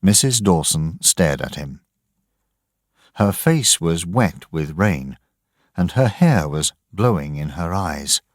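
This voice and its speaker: A man reading a graded storybook aloud in a measured, deliberate way. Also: low-pitched, lively intonation, no echo, clean studio sound. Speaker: narrator. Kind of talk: slow, expressive storybook narration.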